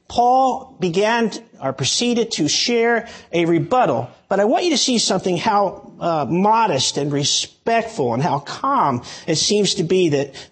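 Male pastor, husky high voice, verse-by-verse sermon delivery with emphatic restarts. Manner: expository preaching with frequent restarts and emphatic asides.

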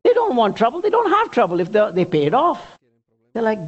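A pastor delivers a sermon with lots of movement in the voice, rising high and dropping low as the points land. The preacher keeps turning to the congregation with direct questions. The recording sounds dull and lo-fi. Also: wildly swooping pitch, a little fast, darkish tone, husky.

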